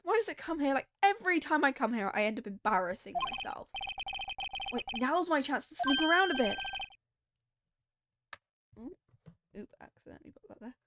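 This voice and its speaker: A woman's voice: high-pitched, very animated, moderate pace, pauses often, background noise. A woman streaming a game playthrough, reading lines aloud and chatting in a playful, self-mocking way. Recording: game music behind.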